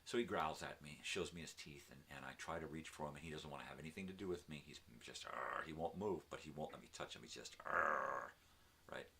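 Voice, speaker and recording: Older man with a very deep voice. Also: quick pace, hardly any pauses, fairly bright tone, slight background noise. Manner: talks to his dog, tags lines with "right?". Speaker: live morning show host. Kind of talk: casual rambling storytelling.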